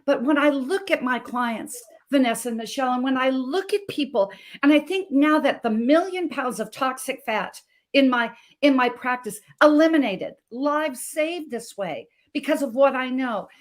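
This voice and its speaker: A middle-aged woman from Montana, a guest health coach telling her personal story with dramatic swings from hushed to emphatic. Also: sits high, animated, normal speed. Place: video call.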